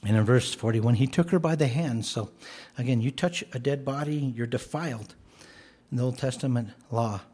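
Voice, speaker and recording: Husky man preaching an earnest sermon. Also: medium pitch, normal speed. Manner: earnest, rises to emphatic commands then drops soft.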